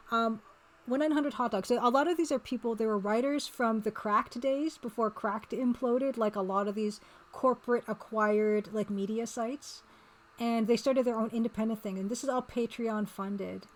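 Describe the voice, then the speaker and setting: A woman chatting casually on her art live stream, rambling and answering chat as she works. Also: a little high. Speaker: streamer and pixel artist.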